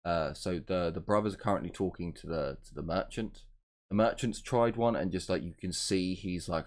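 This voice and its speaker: A man narrates a tabletop game as its game master, keeping things loose and rambling with casual swearing. His voice sits very low and steady. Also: moderate pace.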